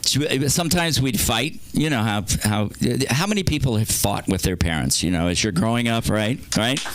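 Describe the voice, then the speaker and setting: A man's voice: mid-range voice, moderate pace, a bit bright, no room sound. A man doing rambling, crude stand-up at an open mic, acting out bits of his stories. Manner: rambling, crude, act-outs with big voices. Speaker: stand-up comedian.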